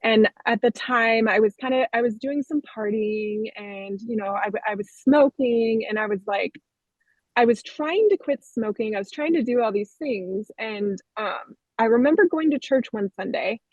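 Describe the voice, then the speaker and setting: A woman's voice: on the high side, moderate pace, no room sound. A woman guest on a podcast, telling her life story in an earnest, candid way. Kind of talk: personal testimony in an interview. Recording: dull, dry lo-fi sound.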